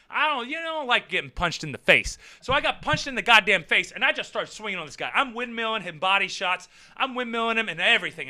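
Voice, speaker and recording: A man's voice: sits high, sharp tone, no room sound. A man hosting a casual livestream chat, telling rambling, profane stories and reading viewer messages. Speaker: host.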